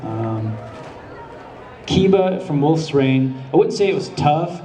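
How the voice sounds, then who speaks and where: This voice actor's fairly high voice is expressive and mellow, unfolding slowly as he fields panel questions with relaxed storytelling and frequent laughter. Faint music plays behind him. The sound comes from a handheld camera far from the stage in an echoey convention hall, with audience murmurs and laughter around.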